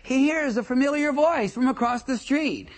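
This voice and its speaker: A traffic school instructor gives a comic lecture to a class in a high-pitched voice at normal speed. He jokes, tells stories, and quizzes the room.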